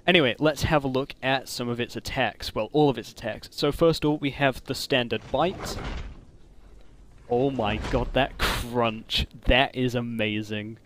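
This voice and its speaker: Man, gaming commentator, excitable, gushing, casual, faint background noise. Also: medium pitch. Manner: excitable, gushing with frequent exclamations. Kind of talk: casual game mod review commentary.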